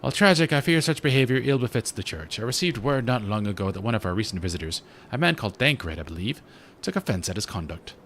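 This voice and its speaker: A man reading a game's gentle devout church sister aloud, formal and solemn. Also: fairly low pitch, expressive, quick pace, few pauses, a little hiss or hum.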